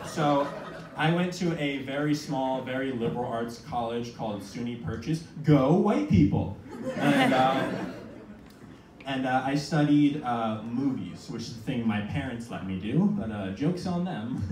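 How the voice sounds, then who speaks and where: A young man in his twenties performing a stand-up comedy set, telling self-mocking stories with quick asides. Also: medium pitch, lively intonation. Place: small comedy venue with audience. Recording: echoey room from a far mic, noisy.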